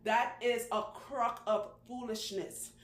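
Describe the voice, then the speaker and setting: A woman who owns a salon, telling long stories in a chatty, animated way and laughing often. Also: a little high. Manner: chatty, animated, laughs often, does quick voices for people she quotes. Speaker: loctician, channel host. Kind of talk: casual storytelling talk. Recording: echoey room with faint background noise.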